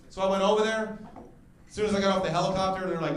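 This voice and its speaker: High-voiced male stand-up comic in a roomy club. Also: sing-song, fast talker. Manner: storytelling, acting out other people with loud exclamations. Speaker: stand-up comedian. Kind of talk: stand-up comedy set. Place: comedy club stage before a laughing crowd. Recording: roomy club sound with audience noise.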